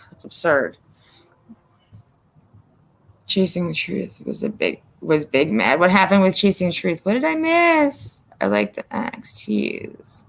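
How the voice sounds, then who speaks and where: A woman's voice: deep voice, gravelly, a bit bright. A middle-aged woman from the northern US hosting a casual livestream chat, rambling with lots of fillers. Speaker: livestream host.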